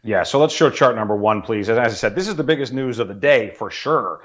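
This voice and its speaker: A man's voice: mid-range voice, expressive, a little fast, fairly bright tone, dull audio. A man giving an earnest, explanatory economic commentary, often addressing the host by name.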